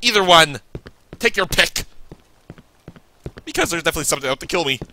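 A man giving chatty gameplay commentary, joking back at the game and yelling in panicked bursts when he is attacked. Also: a little high, animated, fairly quick, background noise. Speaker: let's play gamer.

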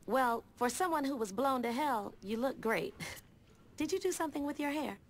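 An actress playing a sharp-tongued young woman with a sarcastic, scolding manner in a video game. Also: high-pitched, expressive, moderate pace, slight background noise. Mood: wry.

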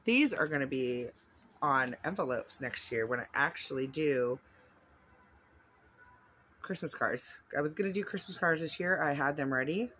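A woman's voice: low voice, animated, moderate pace, pauses often, fairly bright tone, a little hiss or hum. A woman vlogger chatting casually while unboxing gifts at home, rambling and gushing with lots of fillers.

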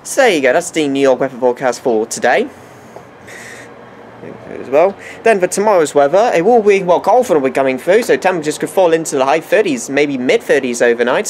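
A man's voice: a little high, lively intonation, fast, darkish tone, slight background noise. A man presenting a homemade weather forecast in a put-on American accent, rambling and often restarting and correcting himself mid-sentence.

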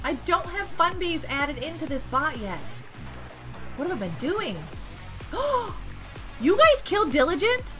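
A woman streaming a game, chatting casually and excitably, greeting and thanking her viewers. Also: extremely high pitch, unhurried, pauses often, over music. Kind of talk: casual live-stream chat while gaming.

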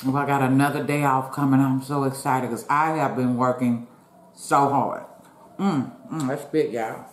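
A woman's voice: rumbling low, steady tone, moderate pace, roomy sound. A woman vlogger chatting casually to viewers while she eats, sometimes talking with her mouth full. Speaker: mukbang vlogger. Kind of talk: casual chat while eating.

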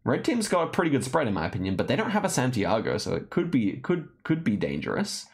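A young Australian man hosting and casually commentating a streamed geography game, chatty and excitable, talking to his chat. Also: medium pitch, quick pace, creaky, breathy edge. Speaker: host and player.

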